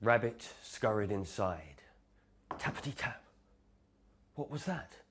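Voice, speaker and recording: A man narrating a children's bedtime story in a gentle, expressive storytelling manner. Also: on the low side, takes it slowly, a little hiss or hum.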